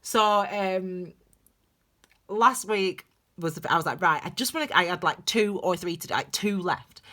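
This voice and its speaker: A woman giving a tarot reading for her channel, talking in a chatty, digressive and animated way. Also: on the low side, measured pace. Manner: calls viewers "my darlings". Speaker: tarot reader. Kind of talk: casual tarot reading vlog.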